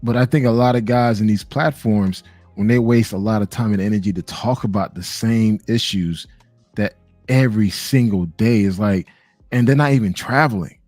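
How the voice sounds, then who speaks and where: A man with a lowish voice hosting a casual podcast discussion. He lays out his arguments steadily, point by point, in a dry, close recording with faint music behind. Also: darkish tone, no room sound. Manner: measured, explaining his view point by point.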